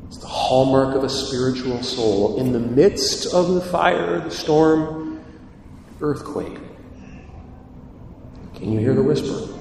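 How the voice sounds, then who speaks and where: A man delivering a sermon as a priest, expressive, moving between soft, slow passages and emphatic rises. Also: mid-range voice, gravelly, a little hiss or hum. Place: large church. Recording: echoey church hall, voice from a distance.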